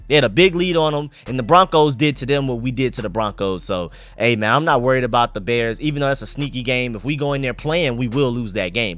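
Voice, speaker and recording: Fast-talking man with sore throat. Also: medium pitch, a bit bright. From Atlanta, USA. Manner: emphatic, opinionated, repeats catchphrases. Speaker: sports channel host. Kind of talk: fan game review commentary.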